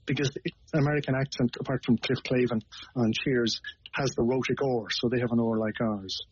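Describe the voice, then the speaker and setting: A man with an Irish accent, a guest on a radio discussion, explaining things in a measured way with small hesitations. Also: medium pitch, fairly even intonation, slight background noise. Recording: dull lo-fi radio broadcast.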